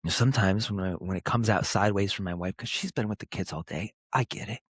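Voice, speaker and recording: A man in his thirties talks straight to the listener in an earnest, emphatic podcast monologue. His voice sits low, and the recording is close and dry with no room sound. He lands short, punchy phrases and lets pauses hang between them. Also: fairly bright tone, husky, no room sound. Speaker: podcast host.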